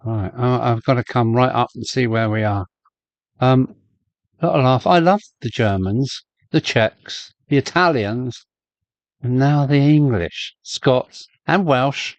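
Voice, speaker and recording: Brief: male live-stream host, unhurried and rambling, mid-pitched voice, dry close sound. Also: lively intonation, no echo, lo-fi sound. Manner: chatty, rambling, greets viewers by name. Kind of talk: casual live-stream chat. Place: home loft with a model railway layout.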